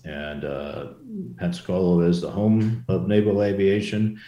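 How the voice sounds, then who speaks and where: An older man with a low, mellow voice recalls his flying days in a relaxed interview. He rambles, restarting sentences and wandering into asides. The room around him sounds echoey. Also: a little slow, lo-fi sound. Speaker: former Marine aviator guest. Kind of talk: casual interview storytelling. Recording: roomy echo.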